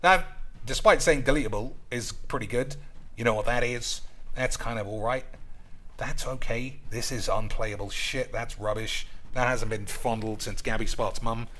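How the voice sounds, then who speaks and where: A young man commentates his own card game on a stream, brash and full of swearing, with a bright, cutting tone. He keeps calling his viewers boys and jokes loosely about his plays. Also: medium pitch, moderate pace, a little hiss or hum. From United States. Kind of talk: casual gaming commentary.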